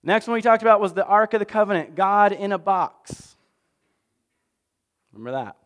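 A man's voice: high-pitched, expressive, normal speed, a bit bright. A man preaching a casual sermon recap in a conversational, self-deprecating way, acting out little voices. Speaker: pastor.

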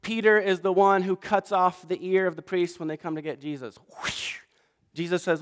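A pastor giving a sermon, telling stories in an animated way and acting out the quoted voices. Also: male voice, high-pitched, moderate pace. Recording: long reverb of a large hall.

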